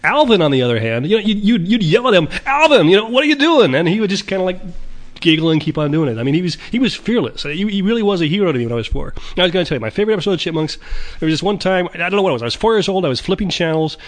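A fast-talking man spins a loose, rambling story, tripping into stammered restarts as he goes. His voice sits a bit higher than most men's, and he rushes the words out. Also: animated. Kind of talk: casual storytelling monologue.

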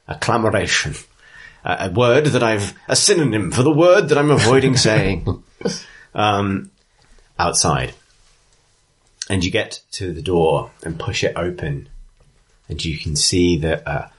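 A man's voice: low voice, a bit bright, breathy edge. A man narrating a tabletop game as game master, chatty and correcting his own wording as he goes.

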